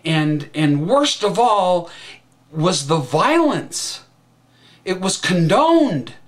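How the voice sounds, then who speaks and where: Man, satirical monologue, unhurried drawl, halting restarts, mock-earnest. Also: high voice, very animated. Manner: rambling and halting, with frequent restarts. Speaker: satirical commentator.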